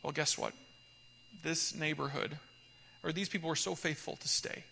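A man preaching a sermon in a high, bright, ringing voice. He tells stories earnestly and punches key lines with loud emphasis. The sound carries a long church-hall reverb. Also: normal speed, creaky, slight background noise. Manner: earnest, animated storytelling with sudden loud emphatic peaks. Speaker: pastor.

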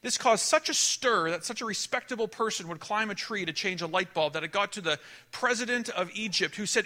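A man preaching a sermon, telling a story with animated delivery that swings between emphatic and hushed. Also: sits high, fairly quick.

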